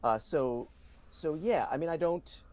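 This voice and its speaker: Here the middle-aged voice actor's voice is a little high and slightly mellow, and his pace is measured. As an interview guest he answers earnestly and talkatively, leaning heavily on "you know."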